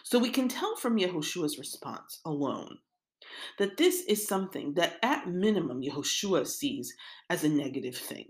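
A woman teaches scripture in a relaxed, talk-it-through way. Her voice sits fairly low, yet her pitch rises and falls a great deal. She works through ideas aloud and keeps adding "right?". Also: normal speed. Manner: conversational, thinks aloud with frequent "right?" asides. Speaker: Torah teacher. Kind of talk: casual spoken Bible lesson.

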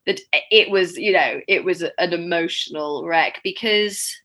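A woman's voice: fairly low pitch, a little slow, a bit bright. A young woman talking as an actress guest in a casual interview, chatty and emotional, over a video call. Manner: chatty, emotional, laughs through tears.

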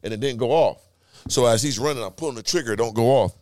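A man telling a wild story as a podcast guest, animated and profane, acting out the scene with sound effects. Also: mid-range voice, quick pace, no room sound, clean studio sound. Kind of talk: casual storytelling.

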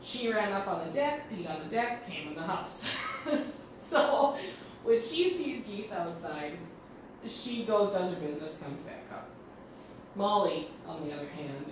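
A woman's voice: sits low, noisy background. A woman hosting a podcast, telling rambling stories in a blunt, casual way and swearing freely. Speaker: podcast host. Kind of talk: casual storytelling monologue. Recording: echoey room with faint ambience.

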